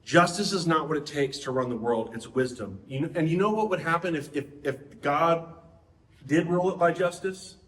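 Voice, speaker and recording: A man's voice: a little high, normal speed, a bit bright, reverberant. A middle-aged man preaching a sermon in a conversational way, often turning to the audience with questions.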